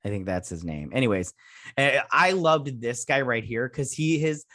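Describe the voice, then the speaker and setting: A man's voice: medium pitch, animated, normal speed, fairly bright tone, dry recording, clean studio sound. A man hosting a TV review channel, recapping an episode in a casual, rambling way, with lots of fillers and restarts.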